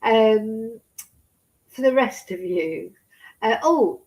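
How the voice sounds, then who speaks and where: A woman's voice: a little high, lively intonation, drawn-out words, pauses often, a little mellow, poor audio. A woman gives casual true crime commentary, indignant and sarcastic, scolding as she talks.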